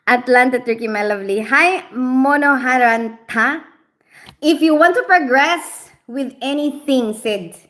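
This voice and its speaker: A middle-aged woman with a slightly high voice chats casually on a live stream. She laughs often and teases and scolds a viewer playfully while reading messages aloud. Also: animated, measured pace, a bit bright. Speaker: livestream host reading chat.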